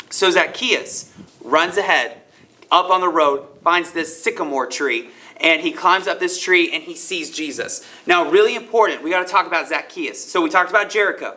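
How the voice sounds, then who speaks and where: Hyped, bright-voiced young man. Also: on the high side, moderate pace. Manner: hyped, playful, talks to the kids directly. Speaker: youth ministry speaker. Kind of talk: energetic youth Bible lesson.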